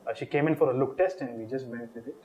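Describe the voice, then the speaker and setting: A man's voice: medium pitch, very fast, poor audio. A man with an Indian English accent, a film director telling stories in a casual interview and laughing often. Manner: animated storytelling, laughs often, mixes in Telugu.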